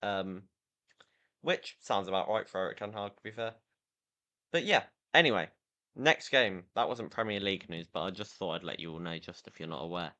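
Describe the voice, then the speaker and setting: A man's voice: low-pitched, moderate pace, sharp tone. A tired man hosting a casual football chat podcast, rambling and opinionated, with fillers and restarts. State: tired, yawning. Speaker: podcast host.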